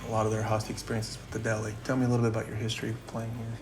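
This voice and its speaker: Fast-talking man interviewer, music faint. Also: fairly low pitch, monotone. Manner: loose, lots of "like" fillers. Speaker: interviewer host. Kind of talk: casual interview.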